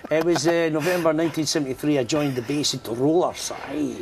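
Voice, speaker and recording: A man's voice: on the high side, fast talker, slight background noise. An older Scottish man, a musician guest telling jokey stories in a chatty morning interview. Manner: jokey, lively storyteller.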